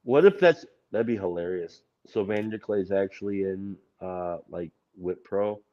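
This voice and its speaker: Brief: male host, loose and joking, deeper voice, muffled lo-fi audio. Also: unhurried, mellow. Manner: joking, rambling. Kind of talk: casual chat.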